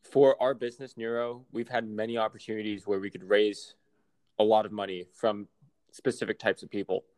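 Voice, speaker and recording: Male interview guest, slightly low pitch, measured and thoughtful conversational delivery. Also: level tone, darkish tone. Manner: measured and thoughtful, with small restarts. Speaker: guest, artist and entrepreneur.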